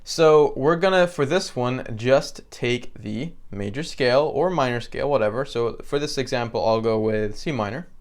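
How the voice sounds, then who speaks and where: A man teaching piano in a relaxed, conversational way with frequent fillers, counting beats aloud. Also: mid-range voice, normal speed, few pauses. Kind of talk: instructional tutorial. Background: piano playing between phrases.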